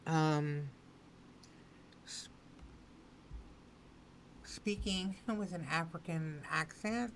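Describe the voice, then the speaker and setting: A woman giving a spoken tarot reading, repeating her phrases slowly and with emphasis. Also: deep voice, a little hiss or hum, poor audio. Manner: slow, repetitive, affirming phrasing. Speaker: tarot reader.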